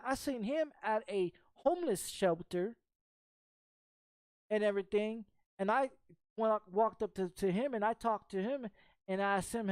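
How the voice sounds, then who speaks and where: A woman's voice: medium pitch, darkish tone, no echo, studio quality. A woman game streamer telling a story as a heated, profane rant, swearing constantly and sounding confrontational, on a desk mic.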